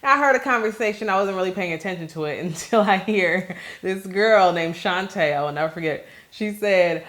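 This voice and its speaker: A young adult woman from Maryland hosting a casual talk, telling a personal story with lively acted-out quotes. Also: medium pitch, fairly quick, few pauses. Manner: animated storyteller who acts out quoted voices. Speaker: host.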